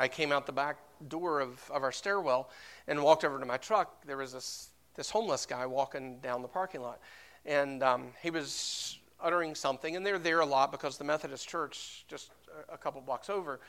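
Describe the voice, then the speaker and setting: A man preaching a sermon, his voice bright and pitched a little high. He swings between quiet storytelling and loud, emphatic peaks, and keeps asking the congregation for amens. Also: a little fast. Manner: storytelling with repeated restarts. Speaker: pastor.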